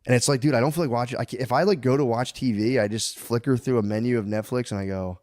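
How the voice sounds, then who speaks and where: A man's voice: quick pace, darkish tone, dry recording, studio quality. A man in his thirties co-hosting a podcast, telling loose, rambling stories in casual chat with plenty of swearing. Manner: loose, rambling storytelling with swearing and squeaky voices for his kids. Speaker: podcast co-host.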